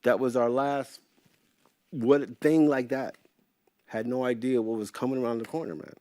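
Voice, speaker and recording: A middle-aged man as an interview guest, telling casual stories in an animated way, swearing freely and acting out what others said. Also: medium pitch, moderate pace, dry recording. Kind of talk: casual storytelling.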